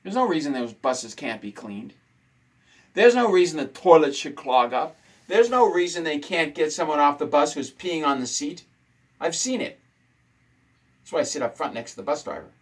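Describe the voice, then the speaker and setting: A man's voice: on the high side, very animated, moderate pace, rough recording. A man hosting a casual talk show, ranting indignantly and repeating his points for emphasis. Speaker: host.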